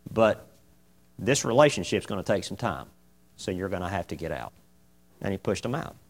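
A man leads an informal Bible study in a folksy, lively manner. He keeps asking his listeners questions and drives his points home. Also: low-pitched, moderate pace. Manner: folksy and animated, asks the group many questions. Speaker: preacher teaching a Bible class.

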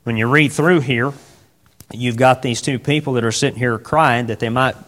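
A man preaching a sermon in a rambling way, with many fillers and pauses, now and then rising into loud, emphatic bursts. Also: mid-range voice, steady tone.

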